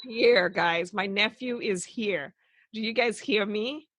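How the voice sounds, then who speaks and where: Bubbly woman host of a chat podcast, mid-pitched, dry close sound, gushing and laughing. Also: slow, dry recording. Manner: excitable and effusive, laughing often. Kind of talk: casual chat.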